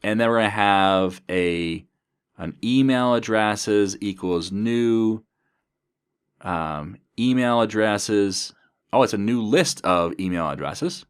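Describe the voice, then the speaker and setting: A man's voice: lowish voice, takes it slowly, smooth. A man giving a coding tutorial, talking through each step as he types. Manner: methodical, talks through code as he types. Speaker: programming instructor.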